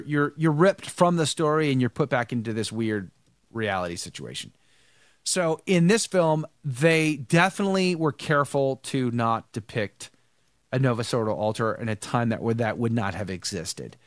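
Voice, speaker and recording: Male host, lively up-and-down delivery, emphatic, stumbles and restarts, tired, dry mic. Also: medium pitch, moderate pace, no echo. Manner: emphatic, repeats himself, many restarts. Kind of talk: casual live show commentary.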